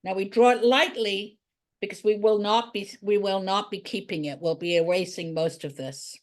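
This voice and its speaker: A woman's voice: medium pitch, fairly even intonation, moderate pace. A woman art teacher giving a drawing tutorial, talking chattily and thinking aloud as she draws.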